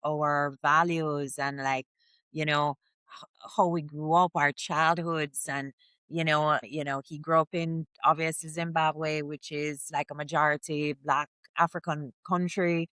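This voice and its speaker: A middle-aged woman from Jamaica, a podcast guest telling stories in casual, animated chat full of "like" and "you know". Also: low-pitched, unhurried, smooth, no room sound. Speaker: guest, real estate agent.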